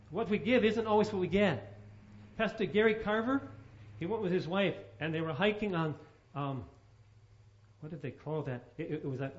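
A male pastor preaching a sermon, telling stories and asking rhetorical questions, on a dull lo-fi recording. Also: sits high.

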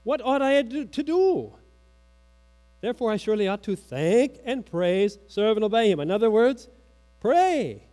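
His high, expressive voice is mellow and moves at a moderate pace as he preaches. This pastor teaches with questions, quotes the catechism aloud, and uses sudden drops in his voice for emphasis.

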